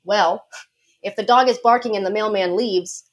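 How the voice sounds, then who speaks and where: Woman guest, mid-pitched, sure-footed explainer who slips in quick laughs; podcast interview. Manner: confident, explanatory, quick asides with light laughs. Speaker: dog behavior consultant guest.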